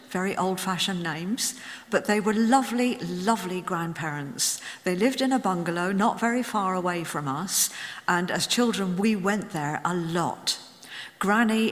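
A woman's voice: on the low side, a bit bright, in a large hall. A woman in her seventies preaching a sermon, telling a story with humorous asides. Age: 70s. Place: church.

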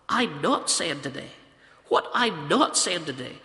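A man preaching a sermon, swinging from loud emphasis to hushed intensity and asking rhetorical questions. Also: on the high side, very animated, measured pace, long reverb tail. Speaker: pastor. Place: church.

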